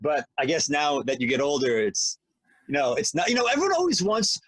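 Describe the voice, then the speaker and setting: A man's voice: a little high, very animated, a little fast, a bit bright, husky, no room sound. A man co-hosting a podcast in casual chat, rambling and joking as he talks. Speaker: podcast co-host.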